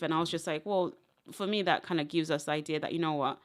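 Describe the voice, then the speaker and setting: A woman's voice: low voice, quick pace. A young adult woman from Zimbabwe, a podcast guest, chatting casually and wandering through stories with frequent laughter. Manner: tangential storytelling, laughs often. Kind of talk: casual interview chat.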